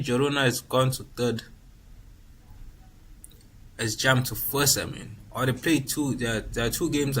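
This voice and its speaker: A man's voice: mid-range voice, a bit bright, slight background noise, poor audio. Rambling man narrating a football management game. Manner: rambling, repeats himself, frequent restarts. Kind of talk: casual gameplay commentary.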